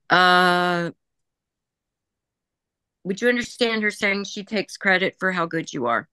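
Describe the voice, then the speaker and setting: A woman leading a psychic reading talks in an easy, chatty way, laughing often and relaying what she hears. Her voice is bright and forward. The recording is close and dry. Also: on the low side, takes it slowly, long pauses, clean tone, dry recording. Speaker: psychic medium. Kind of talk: group reading session.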